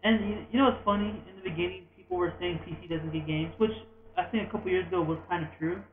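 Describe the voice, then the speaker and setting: A young man co-hosting a podcast, chatting casually about games in an animated, rambling way with quick restarts. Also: high voice, a little hiss or hum. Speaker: podcast co-host. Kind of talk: casual gaming chat. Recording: tinny echoey lo-fi room recording.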